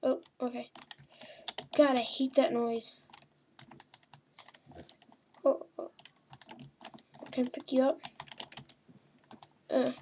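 A gaming channel host with a high-sitting, mellow-ish voice speaks very slowly, with long pauses and little pitch movement, over slight background noise. She gives playful horror-game commentary, chatting away, talking to the on-screen characters and swearing mildly.

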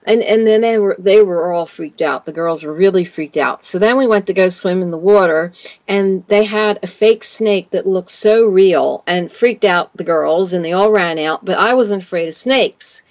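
A woman's voice: on the low side, normal speed, darkish tone, no echo, muffled recording. A woman guest on a radio interview, telling a long personal story in a rambling way, often saying "you know" and "like". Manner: rambling, repeats words, says "you know" and "like".

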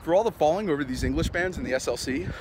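An actor performs a film monologue as an angry young male punk, ranting in a profane, sardonic way with light acting. His voice is on the high side, very fast, with lively intonation, and traffic noise can be heard outdoors behind him.

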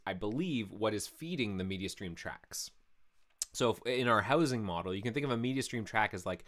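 A man's voice: on the low side, a bit bright. A man talking through code on a live stream, explaining step by step in a casual way and correcting himself as he goes, into a mic with a pop filter. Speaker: programmer streaming his work. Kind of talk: live coding stream, thinking aloud. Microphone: studio mic with pop filter.

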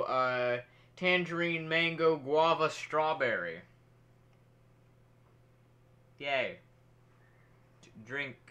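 A man's voice: mid-range voice, bright, forceful tone. A man voicing a chatty, grumpy male gnome bard who rambles in character with a shifting put-on accent while playing a video game. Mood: grumbling. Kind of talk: role-play commentary over a video game. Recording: clear background noise.

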